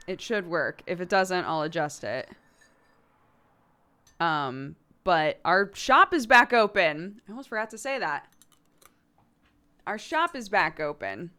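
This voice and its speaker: Chatty woman streamer with smooth, lowish voice. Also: sharp tone. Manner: chatty, laughs often, quick anecdotes. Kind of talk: casual chat while gaming.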